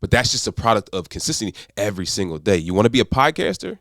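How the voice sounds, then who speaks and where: Male accountability coach, motivational monologue, swooping lively delivery, dry close sound. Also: on the low side, quick pace, no room sound. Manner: repetitive, emphatic mantras.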